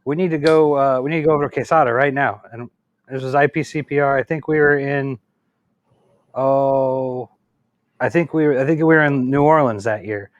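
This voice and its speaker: A man hosting a casual chat, retelling a shared memory in a quick, friendly way and asking his guest questions. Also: mid-range voice, fairly even intonation, no room sound, dull audio.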